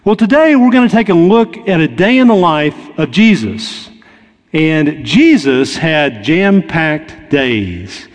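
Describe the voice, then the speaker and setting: A man preaching a sermon in a conversational storytelling way, slowing down to stress his points. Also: on the high side, very animated, in a large hall. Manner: conversational, storytelling preacher who slows for emphasis. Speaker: pastor.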